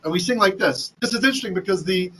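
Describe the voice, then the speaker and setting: A man's voice: high-pitched, quick pace, sharp tone, a little hiss or hum, low-quality recording. A man teaching a casual Bible lesson, chatty, often restarting and asking "right?", reading Hebrew with an Ashkenazi accent. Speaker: Torah teacher.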